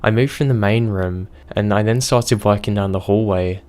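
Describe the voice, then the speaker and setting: A man reading reader-submitted horror stories aloud as a scripted narration, in a steady, measured way. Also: fairly low pitch.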